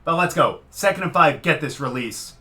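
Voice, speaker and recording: Male game commentator, higher-pitched, excitable, yells at plays. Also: moderate pace. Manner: excitable, swings from muttering to shouting at the quarterback. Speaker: gaming commentator. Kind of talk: live gameplay commentary.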